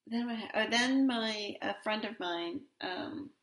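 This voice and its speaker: A woman's voice: a little high, unhurried, a bit bright, echoey room. A woman in her forties hosting a solo podcast in a casual, rambling way, with many fillers and restarts. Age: 40s. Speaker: podcast host.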